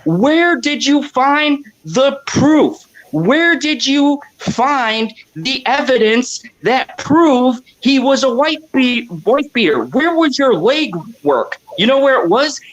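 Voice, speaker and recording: A woman's voice: fairly high pitch, muffled recording. A woman co-hosting a livestream, giving a heated, profane rant. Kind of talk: casual livestream commentary.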